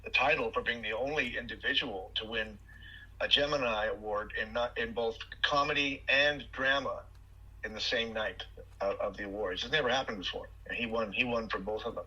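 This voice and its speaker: A man with a very bright, husky voice tells lively stories as a guest on an interview podcast. He restarts phrases and fills pauses as he goes. The sound is muffled and lo-fi. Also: mid-range voice. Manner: animated storyteller, frequent fillers and restarts. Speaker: guest actor.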